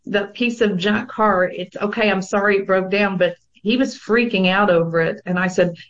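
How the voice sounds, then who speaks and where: A woman's voice: medium pitch, steady tone, normal speed, highs cut off. Earnest woman telling her own story. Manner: earnest, reflective, frequent "um" fillers. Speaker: guest sharing her own story of abuse. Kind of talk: personal testimony in a panel discussion.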